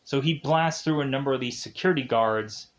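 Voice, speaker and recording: A man's voice: mid-range voice, brisk. A man recapping a movie plot in a casual, rambling way, full of "like" fillers. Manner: rambling, heavy use of "like". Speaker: film reviewer.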